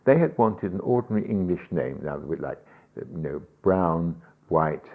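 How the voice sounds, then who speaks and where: An older man with a very low voice tells rambling, amused stories in a radio interview, laughing often and pausing on ums. The sound is thin and tinny, like an old telephone line. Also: animated. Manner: chuckling, anecdotal storytelling with frequent hesitations. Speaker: rabbi and guest.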